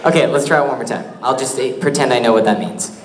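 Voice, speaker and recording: A man answering audience questions on a convention panel, joking and teasing himself in a quick, easygoing way. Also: mid-range voice, very noisy. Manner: joking, self-mocking, quick. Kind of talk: casual Q&A on stage. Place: convention hall stage. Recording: echoey hall with crowd.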